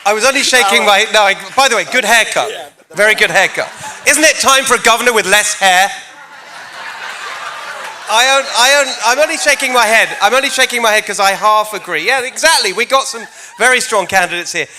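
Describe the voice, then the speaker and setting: A man's voice: sits high, brisk, sharp tone, slight background noise. A man with a non-American accent giving an upbeat, joking campaign speech at a live forum in a church before an audience. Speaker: governor candidate.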